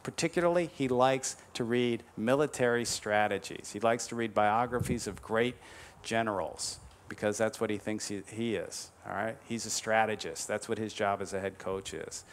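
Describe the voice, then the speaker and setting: A man giving a motivational lecture to golf teachers, emphatic, slowing on key advice and tagging his points with "all right?". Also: fairly low pitch, slight background noise. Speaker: conference speaker to golf teachers.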